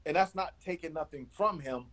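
A man's voice: fairly high pitch, a little fast, low-quality recording. A man in his forties, a basketball scout, chatting casually in an interview and repeating his words as he goes. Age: 40s. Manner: repeats words, animated storyteller.

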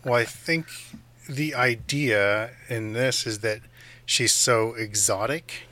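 A man's voice: medium pitch, takes it slowly, sharp tone, slight background noise. A man guest on a podcast, talking casually and playfully about a film. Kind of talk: casual movie discussion.

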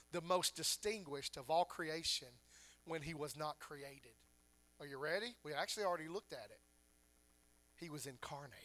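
Male pastor, high bright voice, preaching with emphatic rhetorical questions. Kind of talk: sermon.

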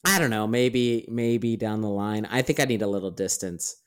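A man co-hosting a podcast muses about movies in casual chat, hedging often and using frequent fillers. His voice is on the low side, at a moderate pace.

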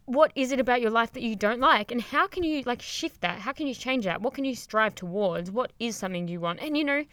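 A woman's voice: a little high, animated, brisk, fairly bright tone, no room sound. A young woman hosting a casual motivational podcast, rambling and upbeat, swearing freely and laughing often, recorded very close to the microphone while crouched under blankets. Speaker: podcast host, yoga teacher.

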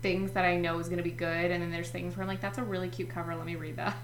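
A woman's voice: lowish voice, little pitch movement, fast. A young woman co-hosting a casual book chat, candid and self-deprecating, often giggling. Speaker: podcast co-host. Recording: echoey room with faint hum.

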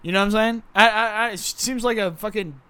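High, bright-voiced young man, blunt and profane. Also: brisk, clear, resonant tone, no echo. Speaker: podcast co-host. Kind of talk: casual chat.

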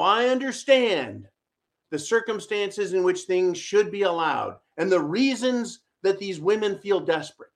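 Male host, fairly high voice, mocking and combative, ranting political commentary. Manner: sarcastic, mocking, shouty rants with audience asides.

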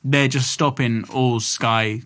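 A man's voice: mid-range voice, steady tone, takes it slowly, fairly bright tone. A man co-hosting a podcast, bantering casually and laughing often. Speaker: podcast co-host.

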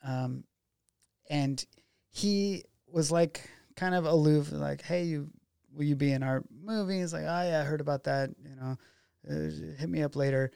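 A man speaking at an ordinary pitch tells a story to a podcast host, slipping into other people's voices as he quotes them. His tone is gravelly with a light creak. The sound is dry and close-miked with no room around it. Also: measured pace, no room sound. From Oregon. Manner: animated storyteller who acts out quoted dialogue. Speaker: documentary filmmaker guest. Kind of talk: casual storytelling interview.

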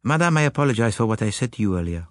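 A man voicing a fastidious, methodical detective who speaks precisely and formally in an audiobook. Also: fairly low pitch, sing-song, no room sound, studio quality. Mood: probing.

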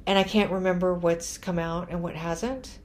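This podcast host's voice sits on the low side, with fairly flat intonation at normal speed and a little background noise. Worn out and giddy, she rambles through a casual chat, laughing frequently at her own expense.

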